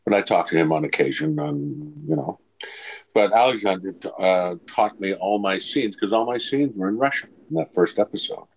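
A man's voice: deep voice, moderate pace, poor audio. An older man, an actor, telling anecdotes in an interview and acting out the dialogue with a chuckle. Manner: lively storyteller who acts out dialogue, chuckles. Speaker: actor guest.

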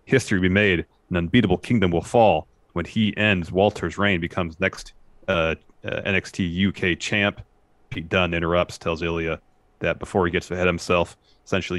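A man with a very deep voice walks through wrestling promos line by line in a plain, steady retelling. It is casual podcast chat between co-hosts, recorded dry and close. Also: moderate pace, no echo. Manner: reads out promo quotes in a flat, steady retelling. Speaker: podcast co-host.

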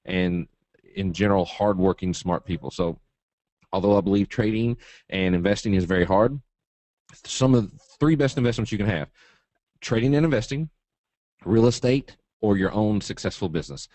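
A man's voice: fairly low pitch, moderate pace, long pauses, a little mellow, dry recording. A man from Eastern Kentucky with a Southern drawl, presenting a live trading webinar in a folksy, joking, straight-talking way.

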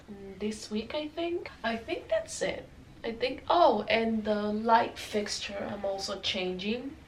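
A woman's voice: medium pitch, a little hiss or hum, poor audio. A young pregnant woman chatting to viewers while she tidies a nursery, a little out of breath, recorded on a camera on a tripod. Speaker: vlogger. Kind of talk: casual vlog chat. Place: nursery room at home.

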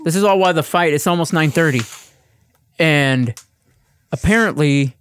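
A man co-hosting a casual podcast chat, telling a long, animated story full of profanity. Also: fairly high pitch, normal speed, clean tone. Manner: animated ranting storyteller, swears freely. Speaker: podcast co-host.

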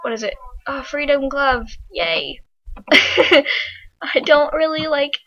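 A woman's voice: high voice, slow, a bit bright. A teenage girl hosting a gaming channel, chatting casually and giggling while she plays. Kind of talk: casual gameplay chat. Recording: muffled lo-fi home mic with hiss.

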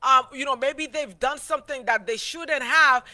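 A man's voice: extremely high pitch, moderate pace, sharp tone. A man teaching a Sabbath School Bible lesson in a loose, preachy way, with many fillers and restarts.

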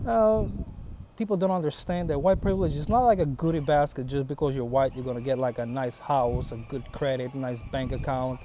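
A man's voice: medium pitch, fairly even intonation, fairly quick, mellow. Blunt, profane man with a foreign accent. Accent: foreign accent in English. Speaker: vlogger. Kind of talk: casual monologue to camera.

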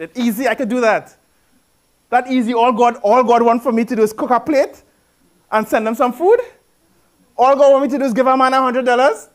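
A preacher delivers his sermon in a notably high voice for a man. He mixes rhetorical questions and repetition with joking, everyday asides. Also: moderate pace. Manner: conversational and humorous asides in local speech.

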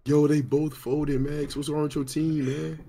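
A young man chiming in with quick remarks during a roast. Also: a little high, flat delivery, creaky, mellow, a little hiss or hum.

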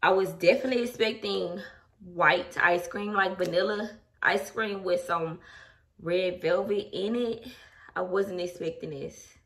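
A young adult woman vlogger speaks in a lowish, fairly bright voice, taking her time. She chats casually at home with her viewers, open and emotional. The audio is distant-miked with faint background noise.

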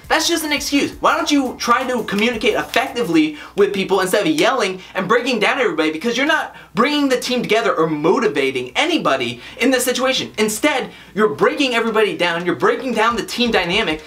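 A man's voice: high voice, bright, forceful tone. A man giving an emphatic, critical recap of a reality TV episode.

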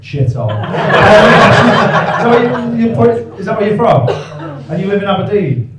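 Man, stand-up comedian, crowd work, sweary banter, slightly high voice, echoey room. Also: big pitch swings, measured pace, far from the mic, very noisy. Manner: cheeky, sweary banter with audience. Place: comedy club stage. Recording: echoey club, mic heard from afar.

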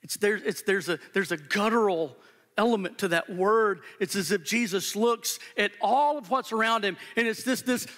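High bright-voiced preacher in a reverberant sanctuary. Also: male voice, moderate pace. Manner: earnest, emphatic, repeats phrases for weight. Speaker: pastor. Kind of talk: sermon. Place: church sanctuary during a live service. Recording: long church hall reverb.

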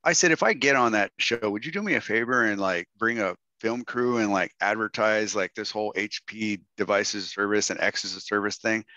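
A man's voice: lowish voice, brisk, few pauses, sharp tone, dry recording, muffled recording. A middle-aged man from Texas, telling a story to a workshop audience and acting out the quotes in raised voices. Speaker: guest speaker.

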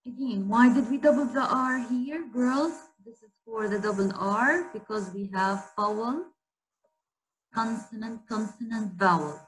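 Heard through a rough recording, a woman with a fairly high voice teaches spelling to her class. Each word gets repeated slowly and firmly, and she stops regularly to ask the class questions.

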